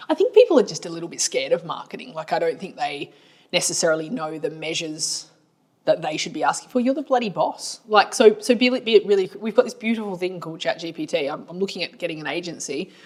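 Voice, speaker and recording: Australian woman, slightly low voice, chatty and blunt, colloquial storyteller for a business podcast. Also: lively intonation, fast. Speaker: marketing agency owner and podcast co-host. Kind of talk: casual business podcast chat.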